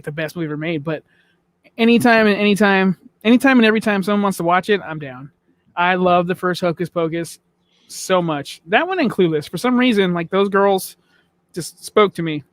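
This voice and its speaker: A man's voice: high voice, a bit bright, no room sound. A man co-hosting a casual movie review podcast, playful and a little sassy. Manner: playful, self-described sassy. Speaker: podcast co-host.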